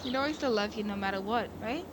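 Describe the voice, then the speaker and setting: A woman reading the lines of a gentle, loving mother in a visual novel game, speaking softly and reassuringly. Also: mid-range voice, fast, heavy background noise, natural voice. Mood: tender. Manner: soft, reassuring.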